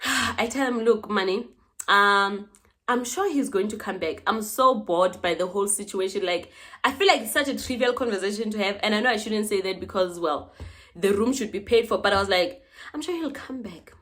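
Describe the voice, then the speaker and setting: A young woman with a South African accent tells a story to camera in a loose, chatty way. She slips into the other characters' voices and swings between hushed asides and bursts of animated disbelief, with a voice sitting at a middle pitch. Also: normal speed. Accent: South African English. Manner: animated, dramatic retelling with quoted dialogue. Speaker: vlogger. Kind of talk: casual storytelling.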